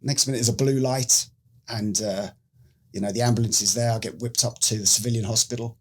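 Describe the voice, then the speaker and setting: A man's voice: medium pitch, fairly quick. A middle-aged British man, a former special forces medic, telling a story in a casual interview and acting out what people said. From United Kingdom. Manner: animated storyteller who acts out quoted lines.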